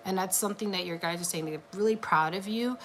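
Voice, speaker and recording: A woman with a slightly low voice gives a relaxed tarot reading, chatty and encouraging, with "like" scattered through her sentences. A faint hiss runs under her voice. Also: fast. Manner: chatty and encouraging, many filler "like"s. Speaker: tarot card reader. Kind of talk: casual livestream reading.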